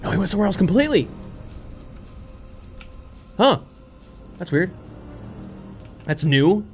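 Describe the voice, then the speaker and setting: A man playing a horror game on his channel, commenting excitedly with frequent laughter and panicky outbursts. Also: high voice, a little slow, soft background music. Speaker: gaming YouTuber. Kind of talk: let's play commentary.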